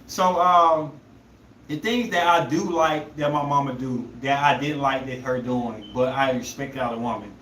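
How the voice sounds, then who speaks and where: A man's voice: mid-range voice, normal speed, fairly bright tone, slight background noise. Rambling young man in an echoey room. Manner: loose, rambling, searching for words. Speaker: podcast host. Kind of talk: casual storytelling chat.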